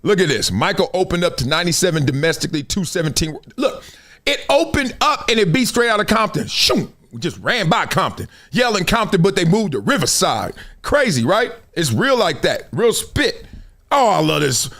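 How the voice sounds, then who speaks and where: A middle-aged man hosting a live sports and culture stream, talking in loose slang with loud bursts and low asides. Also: moderate pace. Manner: animated, slangy, jumps between loud bursts and low mutters. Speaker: show host.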